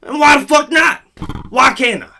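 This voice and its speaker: A man's voice: extremely high pitch, normal speed, pushed and bright. A man hosting a vlog, reading text aloud and breaking into blunt, profane rants. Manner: blunt, heavy swearing. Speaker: vlog host. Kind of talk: profane commentary monologue.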